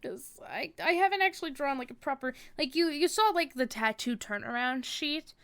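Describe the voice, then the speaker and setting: A woman's voice: high voice, lively intonation, normal speed, a bit bright. A woman streaming her drawing session, rambling to herself in casual chat full of fillers. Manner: rambling, filler-heavy self-talk. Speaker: art streamer.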